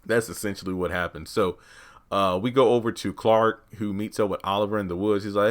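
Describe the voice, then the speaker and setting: A man's voice: lowish voice, fairly even intonation, brisk. A man casually recapping a TV episode, chatty and full of fillers, acting out the lines. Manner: chatty, uses many fillers, acts out quotes. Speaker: TV recap host.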